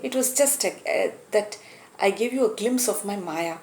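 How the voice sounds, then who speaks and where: A woman voicing a calm, wise male god who patiently explains a lesson. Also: medium pitch, normal speed, echoey room, slight background noise, natural voice.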